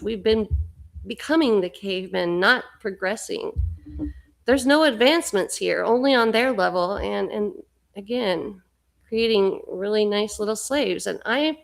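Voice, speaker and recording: A woman's voice: mid-range voice, creaky. A middle-aged woman hosting a livestream, talking fervently in a rambling spiritual monologue and often repeating words. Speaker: livestream host.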